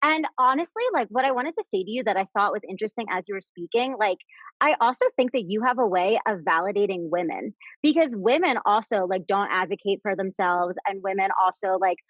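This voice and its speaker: A woman's voice: medium pitch, a little fast, no echo. Chatty woman co-host on a dull dry mic. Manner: chatty, lots of "like" fillers. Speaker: podcast co-host. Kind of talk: casual conversational interview.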